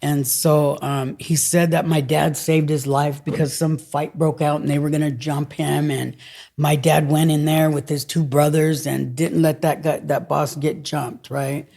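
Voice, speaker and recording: A woman's voice: sits low, measured pace, vocal fry. A middle-aged woman telling a story in casual chat, acting out what people said. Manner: animated storyteller acting out quotes. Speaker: guest, longshore worker.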